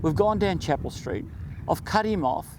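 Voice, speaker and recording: Man telling an animated story. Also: high voice, moderate pace, background noise. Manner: animated, acts out voices in anecdotes. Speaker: truck driver and event host. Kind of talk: casual storytelling interview.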